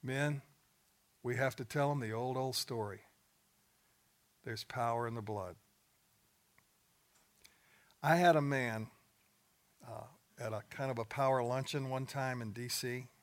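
A man's voice: medium pitch, steady tone, unhurried, pauses often. An older man, a coach, giving a folksy, plain-spoken sermon to a room of men, telling stories with joking asides. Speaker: speaker at a men's gathering. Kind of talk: sermon with storytelling.

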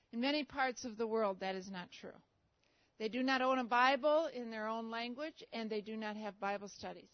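A woman's voice: fairly high pitch, no echo. A woman presenting her ministry to an audience in a friendly, plain-spoken way. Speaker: ministry guest speaker. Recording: dry, muffled lo-fi sound.

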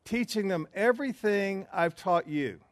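Guy preaching to a men's group, kinda high voice, dry close sound, earnest and emphatic. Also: lively intonation, a little slow, no room sound.

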